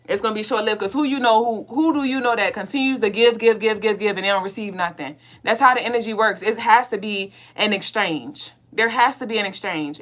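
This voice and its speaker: A woman's voice: mid-range voice, a bit bright. A middle-aged woman, co-hosting a spiritual podcast and giving a blunt, profane pep talk during a tarot reading. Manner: profane, preachy, playful, acts out listeners in mock voices.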